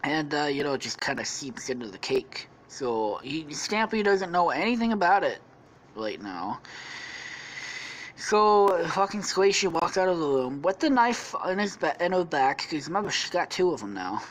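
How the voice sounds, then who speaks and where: A woman with a fairly low voice hosts a podcast and spins a silly story. She rambles, swears freely and keeps backtracking to fix details. Her tone is loose and offhand, in the style of casual comic storytelling. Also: big pitch swings, moderate pace, poor audio. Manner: rambling, profane, full of self-corrections. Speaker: podcast host.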